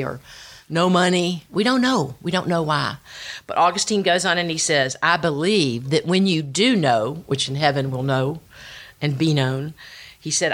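A middle-aged woman giving a personal testimony talk, telling stories with quoted dialogue and bits of sung scripture. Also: low-pitched. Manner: storytelling, animated with quoted dialogue and sung lines. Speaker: women's ministry speaker.

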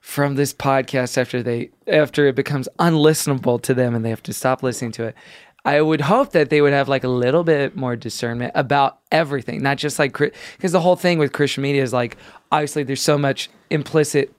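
A man's voice: mid-range voice, brisk, clear, resonant tone, no room sound. Rambling man co-hosting a podcast, dry sound. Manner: rambling, hedging with frequent "like". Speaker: podcast co-host. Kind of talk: casual chat.

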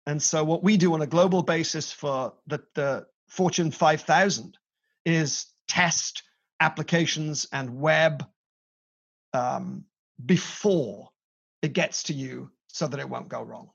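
A man's voice: on the high side, takes it slowly, vocal fry, breathy edge. A middle-aged man with a British accent, a guest in a podcast interview, telling his story with energy and playful emphasis. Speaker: guest, company CEO. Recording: dull lo-fi audio.

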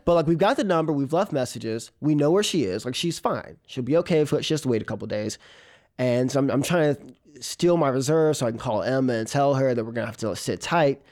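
A man, a comedian, telling a personal story on stage in an animated way, often laughing and imitating a cat's meows. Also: medium pitch, fairly quick. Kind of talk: live storytelling.

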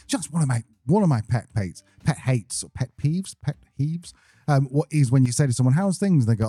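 Dark-voiced blunt man podcast host. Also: mid-range voice, animated, a little fast, no room sound, studio quality. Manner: blunt and jokey, swears freely. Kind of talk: casual podcast chat.

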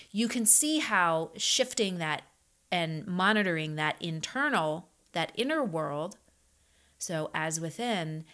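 Woman, middle-aged, leadership coach, low-pitched, earnest, repetitive, casual talk. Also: a bit bright. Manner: earnest, repetitive, with many fillers.

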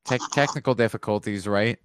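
Man, podcast co-host, lowish voice, smooth, casual joking banter. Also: brisk, no room sound, studio quality.

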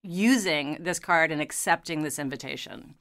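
A woman hosting a podcast who chats casually and reacts with enthusiasm to her guest. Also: sits low. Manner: warm and enthusiastic, quick to react. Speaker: podcast host.

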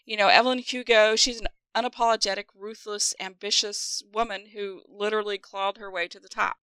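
A woman co-hosting a podcast, chatting casually as an animated storyteller. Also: medium pitch, brisk, clear, resonant tone, dry recording. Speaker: podcast co-host. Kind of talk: casual podcast chat about a book.

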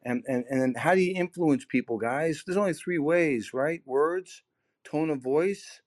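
A man's voice: on the high side, measured pace. A middle-aged man talking sales on a podcast, emphatic and full of repeated words, his voice swinging up and down as he makes his points. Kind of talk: animated conversational podcast talk.

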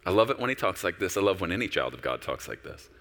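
Pastor preaching a sermon, man, low voice with bright edge, long church-hall echo. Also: quick pace, creaky. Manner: animated preaching, with quoted voices of God and himself.

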